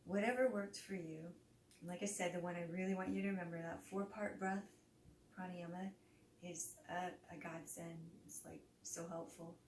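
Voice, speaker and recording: A woman yoga teacher talks listeners through tensing and relaxing, her cues soft and breathy, with audible sighing exhales. She is set back from the mic in a roomy space, over a faint hiss. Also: lowish voice, steady tone, moderate pace, distant mic. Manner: casual, chatty wrap-up. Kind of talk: guided relaxation instruction.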